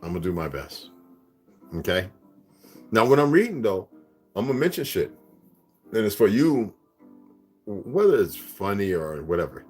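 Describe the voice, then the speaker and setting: A man's voice: fairly low pitch, sing-song, normal speed, pauses often, faint music behind. A man hosting a casual livestream, rambling and profane, laughing often as he talks. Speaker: livestream host.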